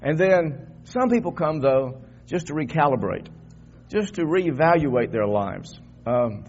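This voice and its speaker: A man's voice: medium pitch, darkish tone, slight background noise. Older guy pastor preaching in church, easygoing then all fired up, kinda dull recording. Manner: conversational preaching that climbs into fervent emphasis. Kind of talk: Easter sermon. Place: church sanctuary.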